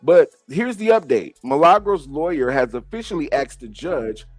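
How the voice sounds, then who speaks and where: A man hosting casual celebrity gossip commentary, sassy and profane, jumping to sudden high exclamations. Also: big pitch swings, normal speed, soft background music.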